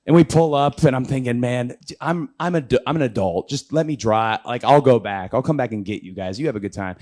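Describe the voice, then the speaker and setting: Animated man telling a story. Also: mid-range voice, brisk, few pauses. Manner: animated storyteller, acts out quotes in raised voices. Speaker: interview guest, pro wrestler. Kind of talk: casual anecdote telling.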